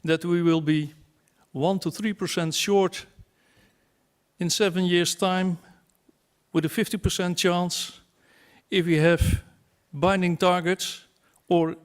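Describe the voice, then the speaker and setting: A man giving a conference talk to an audience in a wry, self-mocking way, with asides and rhetorical questions. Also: high-pitched. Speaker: conference speaker. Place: conference hall.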